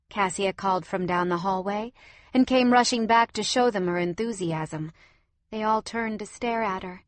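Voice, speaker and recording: A woman narrating an audiobook in an even, measured way. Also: medium pitch, no room sound. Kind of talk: scripted narration.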